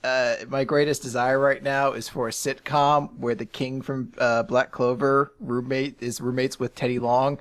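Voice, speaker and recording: A man's voice: mid-range voice, little pitch movement, moderate pace, few pauses, fairly bright tone. A man co-hosting a casual manga podcast, rambling and swearing through jokes with laughter. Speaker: podcast co-host. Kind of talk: casual chat about manga.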